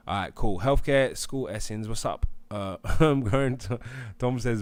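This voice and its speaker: A man's voice: medium pitch, a little slow, few pauses, clean tone, no echo. A young British man hosting a casual live stream, reading viewer comments aloud and hyping the chat. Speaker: livestream debate host.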